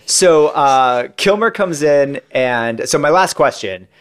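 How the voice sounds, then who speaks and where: Guy on a podcast spinning stories from his interviews, acts out the quotes, chatty and animated. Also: fairly high pitch, slow pace, smooth. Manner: animated anecdotes acting out quotes. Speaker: podcast guest, entertainment interviewer. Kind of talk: casual storytelling chat.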